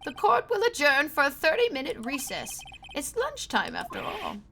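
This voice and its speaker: A woman's voice: high voice, huge pitch swings, normal speed, creaky, bright, forceful tone, a little hiss or hum, voice pushed up, heavily acted. A woman voicing an elderly male judge, reading his formal rulings from a game. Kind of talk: reading game dialogue aloud.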